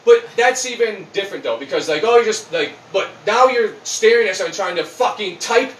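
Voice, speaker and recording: Podcast host, male, high bright voice, blunt profane ranting, roomy distant sound. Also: animated, a little fast. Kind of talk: casual ranting chat. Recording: roomy, distant mic, faint noise.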